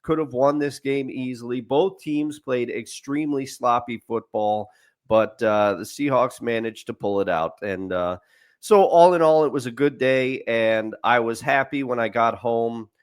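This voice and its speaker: A sports podcast co-host chats casually, telling meandering stories, restarting his sentences, and laughing at his own tales. He has a mid-range voice and speaks a little slowly.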